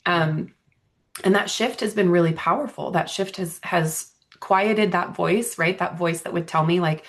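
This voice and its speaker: Woman podcast guest, slightly low voice, earnest and reflective, conversational. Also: moderate pace, vocal fry. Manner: earnest, reflective, frequent "right?" and "um". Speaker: podcast guest, energy healer. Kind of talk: casual conversational interview.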